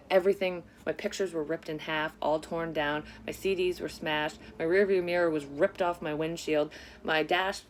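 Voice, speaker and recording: A woman's voice: low voice, fairly even intonation, measured pace, slight background noise. A woman in her thirties telling a personal story in a candid, rambling way, swearing freely, as a psychic medium vlogger. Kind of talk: casual story-time monologue.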